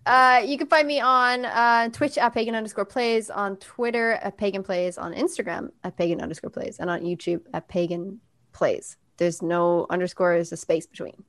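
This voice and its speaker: A woman's voice: mid-range voice, steady tone, a bit bright, no room sound. A woman with an Irish accent, hosting a casual podcast and plugging her channels in a chatty, upbeat way. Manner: chatty, upbeat plugs with quick asides. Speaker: podcast host.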